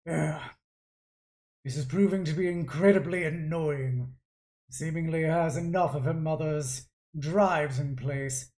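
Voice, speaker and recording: A woman's voice: deep voice, slow, dark tone. A woman voicing a cold, scheming male artificer lord who talks down to his daughter. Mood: irritated. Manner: dismissive, condescending.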